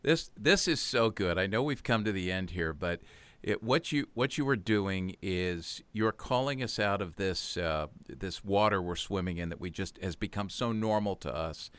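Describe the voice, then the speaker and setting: A man's voice: low voice, lively intonation, moderate pace, clean tone, no echo. A man hosting a podcast, enthusiastically thanking his guest and wrapping up the episode. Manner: warmly enthusiastic, repeats thanks. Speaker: podcast host. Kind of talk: casual chat, closing an interview.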